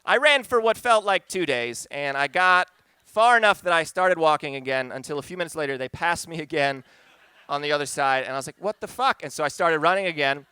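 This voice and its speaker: A man's voice: a little high, a little fast, pushed and bright, clear, resonant tone, no echo. A man telling a personal story live on a pub stage, conversational and wry, turning earnest.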